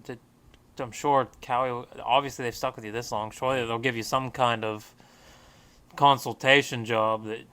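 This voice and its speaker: A man co-hosting a podcast, chatting casually from a porch outdoors with quick, agreeable remarks. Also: medium pitch, steady tone, bright, forceful tone, smooth. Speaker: podcast co-host. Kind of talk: casual chat.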